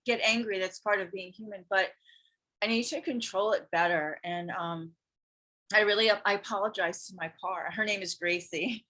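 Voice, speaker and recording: Earnest and animated, a woman who teaches yoga and spirituality in Hawaii relates a personal experience in casual conversation, speaking at a medium pitch.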